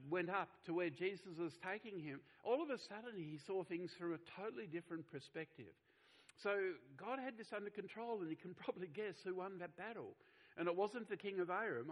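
A man's voice: sits high, rough recording. A middle-aged man, preaching a sermon in an earnest, conversational way with frequent restarts. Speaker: pastor.

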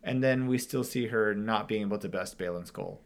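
A man in a casual podcast discussion, talking in an animated, loose way and swearing freely. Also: fairly low pitch, normal speed.

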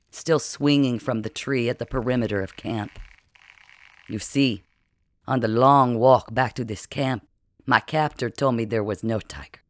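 A man reading the lines of a strange ageless boy who talks in a crisp, odd accent and an unsettling matter-of-fact way, in an audiobook. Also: mid-range voice, dry recording, studio quality.

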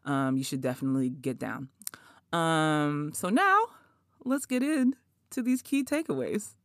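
A woman's voice: low-pitched, lively intonation, unhurried, background noise. A woman in her forties hosting a podcast in casual chat, swearing freely, laughing often and putting on mock outrage. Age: 40s. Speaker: podcast host.

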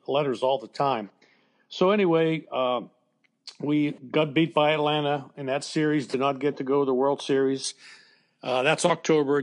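An older man, a former baseball coach, telling a personal story in an interview in a plainspoken, conversational way with fillers and restarts. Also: fairly high pitch. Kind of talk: emotional storytelling in a podcast interview.

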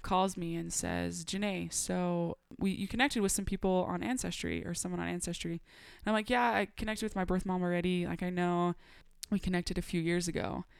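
A young adult woman on a podcast telling a personal story in a casual, animated way. She laughs often and acts out the dialogue she quotes. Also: fairly low pitch, brisk, vocal fry, hardly any pauses, clean tone, no room sound, clean studio sound. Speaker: podcast guest.

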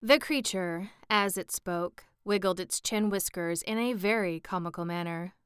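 A woman narrating a storybook aloud in an even, clear storytelling manner. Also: lowish voice, measured pace, no room sound, studio quality. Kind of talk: audiobook reading.

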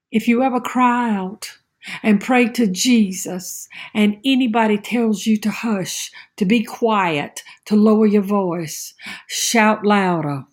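A woman delivering a short sermon at an unhurried, deliberate pace. Her voice sits at an ordinary pitch, and she leans into a repeated refrain with emphatic weight. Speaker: preacher.

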